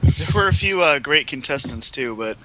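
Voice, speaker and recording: A man's voice: on the high side, expressive, moderate pace, background noise. A man co-hosting a casual comedy show, teasing and sarcastic with blunt jabs.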